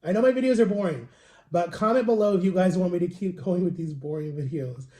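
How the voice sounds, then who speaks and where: A vlogger rambles through a personal story in a casual, confiding way. His voice sits high, with a warm tone, and he talks fast. The home recording sounds roomy and echoey.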